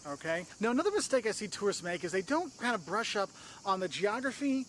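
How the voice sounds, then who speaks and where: Man, brisk travel vlogger, high energetic delivery, faint street noise outdoors. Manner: energetic, emphatic, acts out tourists in quoted voices. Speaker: travel video host. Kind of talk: travel advice vlog.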